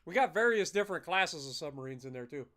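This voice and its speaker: A man thinking aloud in casual commentary on a live strategy game, his throat a little rough and often cleared, with the odd curse. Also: fairly high pitch, expressive, fast talker, pushed and bright. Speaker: game streamer.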